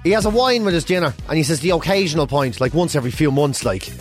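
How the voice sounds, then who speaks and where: A man's voice: a little high, expressive, fast talker, faint music behind. A man co-hosting a radio show in casual chat, playful and prone to breaking into song. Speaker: radio co-host.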